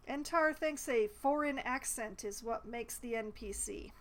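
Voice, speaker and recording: A woman streaming her playthrough of a game, reading dialogue options aloud with wry, exasperated asides. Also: on the high side. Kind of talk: casual gameplay commentary.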